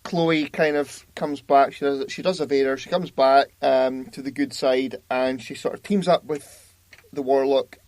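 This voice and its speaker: Excitable man, dry close mic. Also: mid-range voice, measured pace, no echo. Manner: excitable, laughs loudly, sweary. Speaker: podcast co-host. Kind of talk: casual podcast chat.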